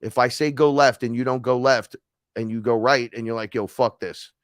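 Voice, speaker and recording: A man voicing his tall male higher self, a blunt spirit who lectures and swears. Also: fairly even intonation, moderate pace, dry recording, clean studio sound, natural voice. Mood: lecturing.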